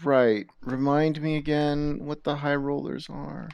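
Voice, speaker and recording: A man playing a tabletop game, talking in a dry, deadpan way. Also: on the high side, measured pace, gravelly, clear, resonant tone, no echo, muffled recording. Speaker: player.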